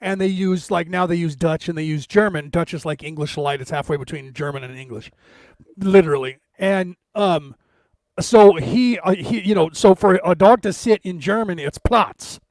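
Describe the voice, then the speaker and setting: A man co-hosting a podcast over a video call, telling an anecdote in a lively way and acting out the people in it. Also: fairly high pitch, normal speed, no room sound. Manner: animated storyteller, acts out quotes. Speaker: podcast co-host. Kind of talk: casual storytelling chat.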